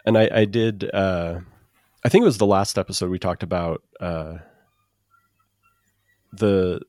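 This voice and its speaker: A man's voice: deep voice, unhurried, darkish tone, no echo, clean studio sound. A man co-hosting a podcast in casual chat, with many restarts and fillers. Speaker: podcast co-host.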